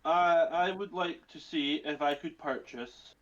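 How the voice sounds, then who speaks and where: A man's voice: a little high, unhurried, a bit bright. Playful man player on a dull mic. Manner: joking, playful. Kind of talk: casual tabletop play.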